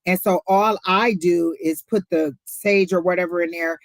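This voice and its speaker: A woman's voice: fairly low pitch, fairly even intonation, moderate pace, no room sound. Chatty woman co-hosting a live stream. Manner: chatty, storytelling, talks to viewers directly. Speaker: co-host of a live tarot reading stream. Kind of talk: casual chat.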